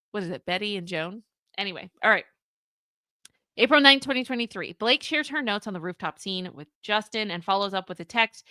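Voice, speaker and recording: A woman's voice: mid-range voice, sharp tone, clear, resonant tone, no echo, studio quality. A young woman hosting a live reaction stream, reading messages aloud and reacting with laughing disbelief. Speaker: commentary livestream host.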